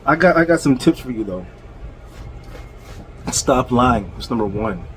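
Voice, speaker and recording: A man hosting a confrontational rant, mocking his opponent, laughing often and talking slowly and deliberately. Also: mid-range voice, lively intonation, slight background noise, rough recording. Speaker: channel host.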